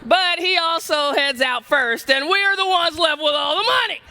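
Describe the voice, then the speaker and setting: Speaking at a moderate pace with an extremely high voice, a Southern American woman delivers a motivational keynote over some background noise. She's energetic and conversational, constantly throwing questions at the crowd. The large event hall gives the recording a long reverb.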